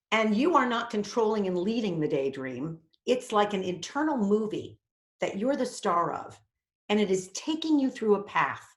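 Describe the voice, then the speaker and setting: A woman acting teacher giving a lecture, animated and acting out the inner voices she quotes. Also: medium pitch. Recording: echoey room.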